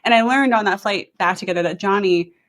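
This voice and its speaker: A woman's voice: mid-range voice, a little fast. A woman in her thirties, originally from New Jersey, hosting a podcast in casual, chatty conversation that is full of laughter. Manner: chatty, laughs often, many likes. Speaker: podcast host. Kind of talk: casual chat.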